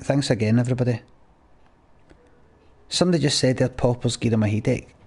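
A male game streamer with a gravelly, low voice, reading out his donors' names in a crude, cheerful patter. He swears freely and mixes rude jokes into the thanks. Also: darkish tone. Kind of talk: casual live-stream chat.

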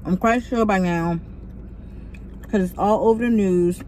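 A young woman talks straight to her viewers as she vlogs from inside a parked car. Her voice sits at a middle pitch, and her delivery is chatty and casual. There is a faint hum of background noise. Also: measured pace, darkish tone, low-quality recording. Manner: chatty, addresses viewers directly. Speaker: vlogger host. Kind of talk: casual mukbang vlog chat.

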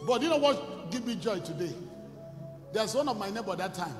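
A Nigerian man preaches in a strikingly high voice, swinging from loud shouted declarations to low, confiding storytelling. His sermon rings around a large reverberant hall, with faint music underneath. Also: expressive, moderate pace. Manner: shifts between shouting, storytelling and singing, mixing Pidgin and Igbo. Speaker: evangelist. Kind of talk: sermon with testimony and sung worship.

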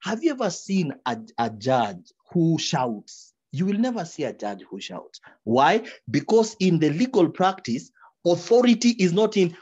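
Animated workshop speaker. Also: mid-range voice, moderate pace, lo-fi sound, slight background noise. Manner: animated, repeats words while searching for them, drops into quoted examples. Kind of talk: advice talk in a webinar.

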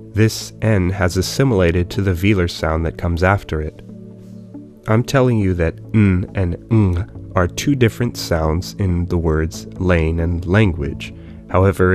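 Deep-voiced man teaching phonetics. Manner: calm, measured, explanatory. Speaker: language teacher. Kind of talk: scripted educational narration. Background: guitar music.

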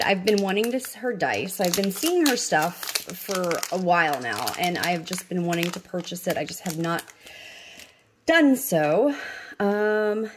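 A woman hosting a casual budgeting vlog, gushing and excitable as she opens mail, with many ums. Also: mid-range voice, moderate pace, slightly rough. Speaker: budgeting channel host.

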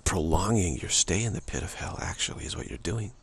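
Man, spiritual teaching monologue, gravelly fry, raspy, repetitive delivery. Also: deep voice, lively intonation, a little fast. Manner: repetitive, many restarts and "you know", acts out dialogues.

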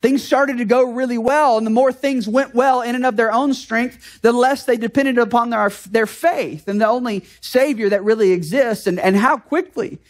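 A man's voice: very high-pitched, normal speed, few pauses. An American man delivers a sermon as a pastor, talking to his congregation more than lecturing at them. His tone is earnest and conversational. He keeps drawing listeners in with rhetorical questions. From United States.

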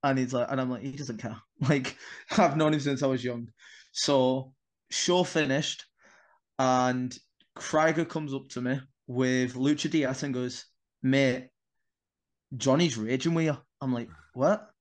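A man's voice: mid-range voice, steady tone, a little slow. A young man, a wrestler guest on a podcast, telling a story in casual chat, swearing freely and acting out the dialogue.

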